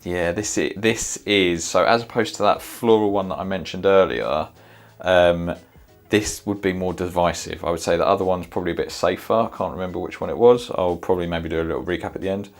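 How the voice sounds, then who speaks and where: Deep-voiced male reviewer, hesitant, thinking aloud, faint music bed. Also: fairly quick. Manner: sniffs and reacts in the moment. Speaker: fragrance reviewer. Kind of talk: casual product review.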